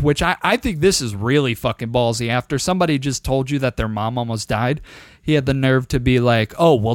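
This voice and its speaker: Smooth-voiced young man telling a rambling story. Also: mid-range voice, no echo, studio quality. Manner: rambling, profane, animated storyteller. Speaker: podcast co-host. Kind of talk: casual chat, storytelling.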